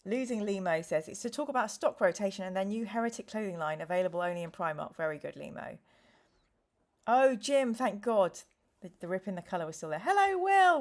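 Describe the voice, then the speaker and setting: A woman's voice: medium pitch, lively intonation, fairly quick. A woman hosting a live gaming stream, chatting casually, reading viewer comments aloud and making jokey asides.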